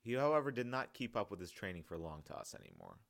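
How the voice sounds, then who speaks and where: A man reading his own novel aloud in a calm, measured audiobook narration. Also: on the low side, vocal fry.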